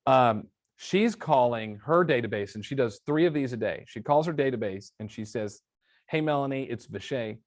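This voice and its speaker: A man speaking as a guest on a live interview show. He tells stories and acts out phone conversations, switching into the quoted lines as he goes. His voice sits at an ordinary pitch for a man. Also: lively intonation, normal speed, few pauses. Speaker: guest, real estate training executive. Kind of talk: conversational interview, storytelling with examples.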